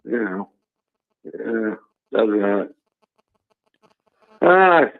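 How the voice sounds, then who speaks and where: A man's voice: lowish voice, very animated, extremely slow, gravelly. A man calling in to a talk show, telling a rambling story full of "you know" and "and all that". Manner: chatty, lots of filler tags like "you know" and "and all that". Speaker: phone-in caller. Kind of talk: rambling anecdote on a call-in show. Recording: tinny phone line.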